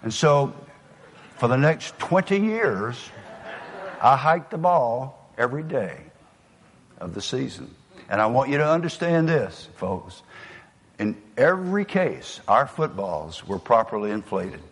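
An older man with a Southern US drawl tells folksy stories in a motivational speech. His voice is a little husky and sits at a middle pitch. It rings out with the long reverb of a large hall. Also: very animated, unhurried. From American South. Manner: storytelling, folksy, drops to a near whisper for emphasis. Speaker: motivational speaker.

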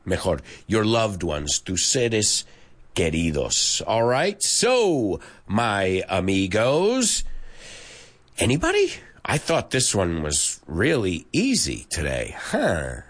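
A chatty man from the United States teaches English in a relaxed lesson. His intonation rises and falls a lot, he laughs often, and he drops into Spanish now and then. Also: fairly low pitch, takes it slowly. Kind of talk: casual online lesson.

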